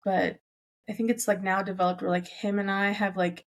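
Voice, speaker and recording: A young Southern California woman chats casually as a podcast guest, peppering her talk with "like" and acting out lines from her family members. Her medium-pitched voice moves little in pitch and runs fairly quick.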